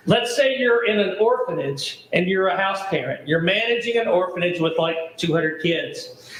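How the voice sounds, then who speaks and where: A man's voice: sits high, a bit bright, echoey room, a little hiss or hum, rough recording. A middle-aged man from the American South, a charity founder giving an enthusiastic, folksy welcome speech at an event. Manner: enthusiastic, folksy, rhetorical questions.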